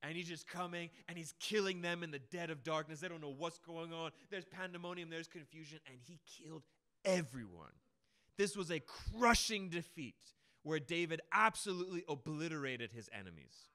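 Animated, bright-voiced male preacher. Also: fairly high pitch, moderate pace. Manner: emphatic, dramatic storytelling with big swings in loudness. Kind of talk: sermon.

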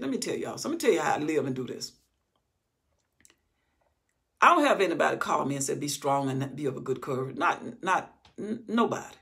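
Gravelly, emphatic woman teaching scripture. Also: low-pitched, sing-song, fast talker, a bit bright. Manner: emphatic, reads scripture then preaches on it with rising force. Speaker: Bible teacher. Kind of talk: Bible study teaching.

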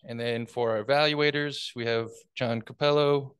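A man's voice: medium pitch, steady tone, moderate pace, fairly bright tone, clean tone, no room sound. A man acting as timer, laying out speech timings in a plain, methodical way. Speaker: timer at a speaking club. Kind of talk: announcing meeting timings.

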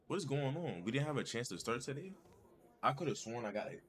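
A man's voice: medium pitch, lively intonation, quick pace, fairly bright tone. A man giving casual, slangy gameplay commentary and constantly saying "bro.". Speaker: gaming channel host.

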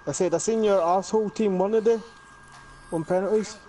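High-voiced man, teasing gamer. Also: fairly even intonation, a little fast, warm tone. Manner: teasing, laughs and swears. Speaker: online game player. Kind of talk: casual party chat.

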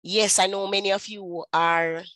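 A woman in her thirties with a Jamaican accent, telling her personal testimony in an animated storytelling way and slipping into patois. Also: mid-range voice, unhurried, dry recording, rough recording. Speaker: speaker at a women's ministry.

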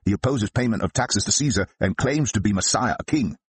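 A man's voice: lowish voice, lively intonation, a little fast, husky, voice pushed up. A man doing angry accusing elders.

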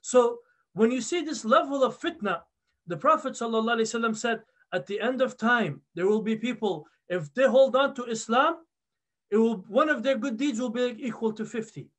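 A man preaching a conversational sermon, telling a story with lively repeated words and asides. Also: extremely high pitch, fairly quick. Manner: animated storytelling, acts out quoted voices.

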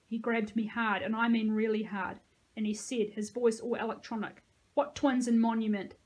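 Woman teacher, reading a novel aloud, steady, expressive, higher voice. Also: moderate pace, rough recording.

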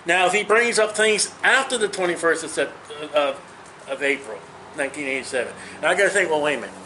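A man's voice: on the high side, a little fast, bright, forceful tone, slight background noise, low-quality recording. A man in his fifties teaching a Bible study in an earnest, emphatic, personal way, talking straight to his listeners. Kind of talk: conversational Bible study preaching.

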